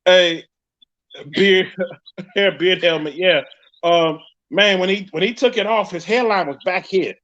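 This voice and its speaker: A man with a New York accent hosting a live podcast, telling a story in a loud, profane, animated way. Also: high voice, measured pace, pauses often. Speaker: podcast host. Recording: dull lo-fi stream audio.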